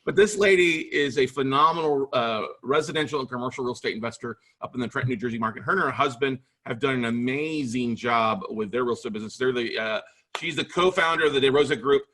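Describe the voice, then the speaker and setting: A man's voice: medium pitch, fast talker, fairly bright tone. A man hosting a podcast interview, enthusiastic and chatty, with lots of "uh" and "you guys". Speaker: podcast host.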